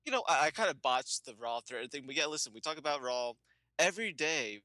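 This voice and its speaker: A man's voice: a little high, lively intonation, brisk, pushed and bright, dry recording. Rambling male podcast co-host. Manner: rambling, restarts sentences, self-deprecating plugs. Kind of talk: casual podcast chat.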